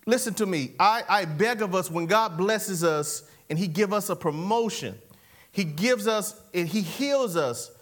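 A man preaching a lively sermon, animated and repetitive, leading call-and-response and laughing often. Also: high-pitched, a little slow.

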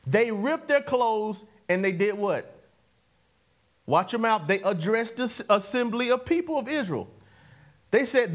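A male preacher with an extremely high, expressive voice delivers his sermon unhurriedly. He exhorts the congregation, leads call-and-response, repeats catchphrases and chuckles between points.

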